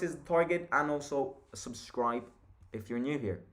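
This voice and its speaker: A man's voice: mid-range voice, moderate pace. Tired guy doing a live watchalong for a fan channel, chatty, reacts to every pass. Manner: casual and chatty, reacting to play, hums chants. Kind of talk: live match watchalong commentary.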